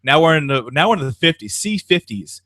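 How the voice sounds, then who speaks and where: Fast, lively young man telling a story. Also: a little high, no echo. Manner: animated anecdote-telling, acts out quoted voices. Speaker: podcast co-host. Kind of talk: casual chat, storytelling.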